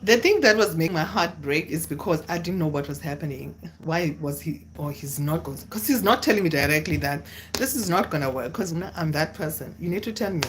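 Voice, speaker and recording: A young woman, telling a personal story to camera in a casual, dramatic way with sudden high exclamations. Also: expressive, fairly quick, slight background noise. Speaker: vlogger.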